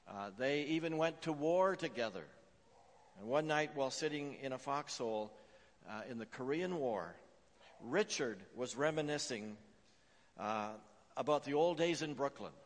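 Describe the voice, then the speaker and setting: Guy preaching a sermon in a church, goes quiet then loud, big hall reverb. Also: medium pitch. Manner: dynamic, swings from hushed to emphatic; storytelling with filler "uh". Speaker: pastor. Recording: long reverb of a large hall.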